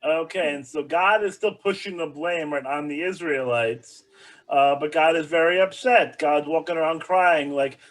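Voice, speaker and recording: A man's voice: on the high side, normal speed. A male rabbi teaching a bible study class in a conversational, joking, explanatory way.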